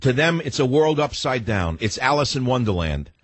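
Husky sarcastic talk radio host, man. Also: mid-range voice, very animated, no echo. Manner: sarcastic, rhetorical questions, rapid-fire. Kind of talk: combative talk radio monologue.

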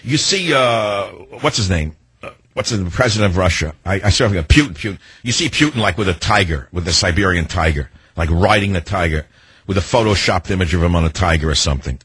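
Older male talk host, low husky voice, sardonic and rambling, dry booth sound. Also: animated, brisk, fairly bright tone, no room sound. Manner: rambling, sardonic, free-associating. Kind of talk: opinionated talk radio monologue.

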